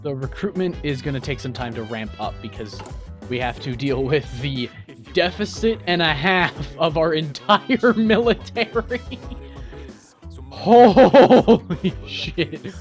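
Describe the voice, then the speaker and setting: Excitable man doing game commentary. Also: a little high, moderate pace, faint music behind. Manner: excitable, jokey, self-mocking. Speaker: gaming channel host. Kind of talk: energetic gameplay commentary.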